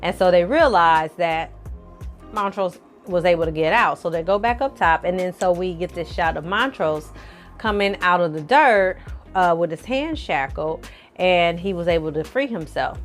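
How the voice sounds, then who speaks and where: Slangy, low-voiced woman recapping a show. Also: normal speed, soft background music. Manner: lively storytelling, slangy and profane, addresses viewers as y'all and honey. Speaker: film and TV reviewer. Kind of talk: casual episode recap.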